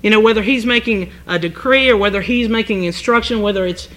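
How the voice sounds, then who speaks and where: A man preaching a sermon, reading scripture aloud in old-fashioned English and then explaining it in an earnest, halting way with many restarts. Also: high-pitched, fairly bright tone, low-quality recording.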